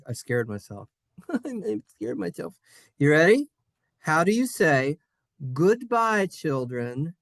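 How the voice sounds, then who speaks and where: A man's voice: fairly high pitch, no room sound. A man teaching Hebrew in a playful class, goofy and self-mocking, spelling words out letter by letter. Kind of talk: playful online class lesson.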